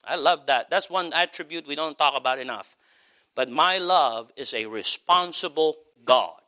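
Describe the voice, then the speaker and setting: A man preaching a sermon as pastor, passionate, swelling to high cries and then dropping low. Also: moderate pace, bright, forceful tone.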